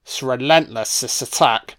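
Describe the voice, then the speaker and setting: A man giving a casual film commentary, reacting excitedly to the action and swearing freely. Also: medium pitch, measured pace.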